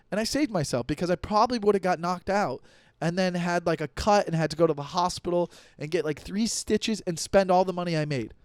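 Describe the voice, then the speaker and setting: A man's voice: high voice, darkish tone, clean tone, no echo, clean studio sound. Rambling, profane man in his thirties. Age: 30s. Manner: rambling, profane, with many restarts and fillers. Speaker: comedian podcast host. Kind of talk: casual comedic monologue.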